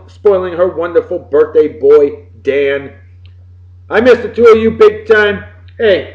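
Man, fairly high voice, boisterous and folksy, roomy dull recording. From Massachusetts. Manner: boisterous and folksy, swinging loud and soft. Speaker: podcast host. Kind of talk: casual birthday shout-outs.

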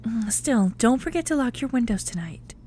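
A woman voicing a calm, caring middle-aged mother in a game, speaking softly and low. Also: normal speed, slight background noise, close to an everyday voice. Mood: calm concern. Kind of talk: voiced game dialogue.

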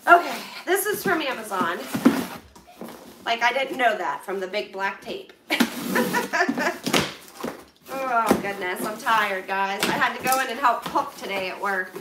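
A high-voiced woman chats on a live stream, slow and gushing, repeatedly thanking her viewers. She sits well back from the mic in an echoey room, with clear noise behind her. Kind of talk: casual live-stream chat while unboxing donations. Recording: roomy, far from the mic, noisy.

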